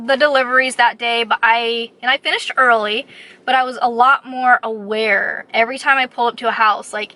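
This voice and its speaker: A woman vlogger casually telling a story to her viewers, animated and acting out the lines of the people in it. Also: fairly high pitch. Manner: animated, retells scenes with quoted voices.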